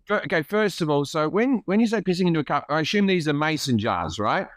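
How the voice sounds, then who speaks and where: A man's voice: a little high, lively intonation, fast talker, no echo. A man guesting on a casual podcast chat, telling self-mocking stories with stammering restarts. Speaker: guest comedian.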